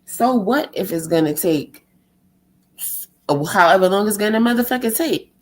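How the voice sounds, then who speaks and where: A woman speaking rants on a live stream. Her talk is blunt, heated and full of profanity, at a medium pitch that sits in the middle for a woman. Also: lively intonation, normal speed.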